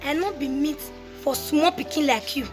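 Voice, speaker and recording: An actress playing a sassy young woman in a Nollywood comedy, speaking softly and dismissively with a Nigerian accent. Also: high-pitched, moderate pace, music in the background, lightly acted.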